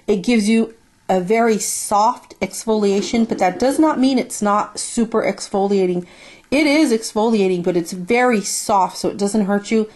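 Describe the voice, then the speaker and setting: A woman's voice: mid-range voice, darkish tone. A woman casually reviewing a haul of beauty products, gushing and dreamy as she smells each one and lingers over her words.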